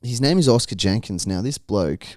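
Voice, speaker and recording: A man's voice: lowish voice, animated, normal speed, darkish tone, no echo, studio quality. A young man co-hosting a podcast, telling a story in casual, crude, profane banter and often laughing. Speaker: podcast co-host.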